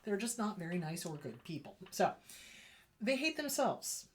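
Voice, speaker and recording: A woman's voice: medium pitch, sing-song, moderate pace. Female therapist-host, unscripted solo talk, blunt and emphatic with heavy repetition. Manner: blunt, emphatic, repeats points for stress. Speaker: therapist hosting a psychology channel.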